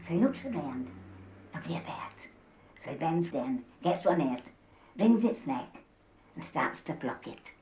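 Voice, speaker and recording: An older Yorkshire woman spins comic dialect tales, lively and acting out each character. Her voice sits a little low. The recording is a dull old cassette with a roomy echo. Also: measured pace, long pauses. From Yorkshire, England. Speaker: dialect storyteller. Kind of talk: telling humorous dialect tales.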